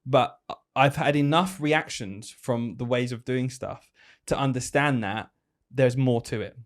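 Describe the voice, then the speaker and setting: A man co-hosting a teachers' podcast, working through his ideas out loud and hedging as he goes. His voice sits at an ordinary middle pitch, and the tone is relaxed conversation from a tiny room. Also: measured pace. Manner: reflective, thinks aloud with hedges. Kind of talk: casual chat.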